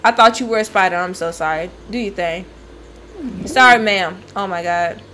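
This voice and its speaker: A woman's voice: on the low side, normal speed, pushed and bright, slight background noise. A woman streaming gameplay, talking casually, swearing and yelping when startled. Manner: jumpy, swears and yelps in fright. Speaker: gaming streamer.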